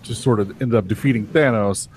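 Low-voiced man, hesitant and musing. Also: brisk, slight background noise. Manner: hesitant, restarts sentences, speculating. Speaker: podcast co-host. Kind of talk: casual chat.

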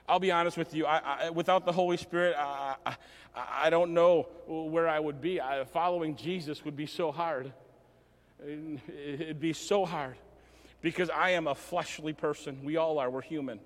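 A male pastor preaching a sermon, emotional and animated, often restarting his sentences. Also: a little high, normal speed. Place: church hall. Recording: long hall reverb.

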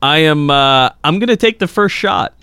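A man playing a tabletop game, slow and tipsy and playful. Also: fairly high pitch, animated, bright, forceful tone, clean tone, no echo, clean studio sound. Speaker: player. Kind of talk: casual tabletop game play.

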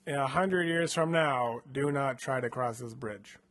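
A man with a mid-range, fairly bright voice unhurriedly narrates a choose-your-own-adventure gamebook alongside a co-host. He's laid-back and playful, his speech full of filler words.

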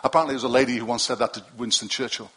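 A man's voice: medium pitch, steady tone, rapid-fire, bright, forceful tone, slightly rough. A middle-aged male pastor preaching to his congregation in a loose, conversational way, with asides and self-deprecating jokes. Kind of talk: sermon. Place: church hall with a congregation.

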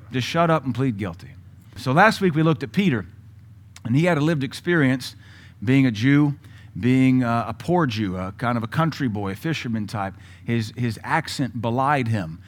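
A man preaching to his congregation in a blunt, combative way. His voice sits at an ordinary middle pitch, and he swings between quiet asides and loud, punchy bursts. Now and then he drops into mocking imitations to make a point. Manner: mocking mimicry of other voices. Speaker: pastor. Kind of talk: sermon.

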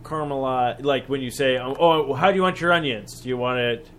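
A man's voice: medium pitch, fairly quick. A man with a mid-range voice chats casually as a podcast co-host. He works through his thoughts aloud, restarting and swearing freely, over a faint background hiss. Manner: chatty, thinks out loud, swears. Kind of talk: casual chat.

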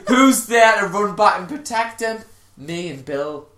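A man's voice: high voice, animated, measured pace, fairly bright tone, roomy sound. A man, telling a sweary story and laughing in casual podcast chat. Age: 30s. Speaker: podcast co-host.

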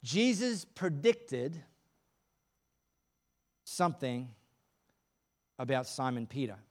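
A man's voice: medium pitch, sing-song, takes it slowly, a little mellow. A male pastor preaching a sermon at a church service in a casual, joking, conversational way.

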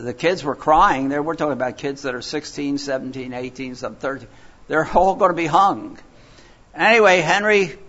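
A man's voice: a little high, a bit bright. An older man from Philadelphia preaching a sermon, telling stories in a rambling, digressive way with many fillers and restarts. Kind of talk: sermon with storytelling. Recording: dull lo-fi recording.

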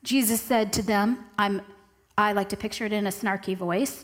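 A woman preaching a sermon, reading scripture aloud and slowing down to stress key words. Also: medium pitch, steady tone, fairly bright tone. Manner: reads scripture aloud, slows down for emphasis.

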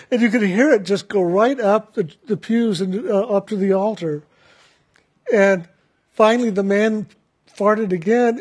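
A man giving a reflective spiritual talk as a teacher, gentle in tone and laughing easily while he tells a story. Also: sits high, moderate pace.

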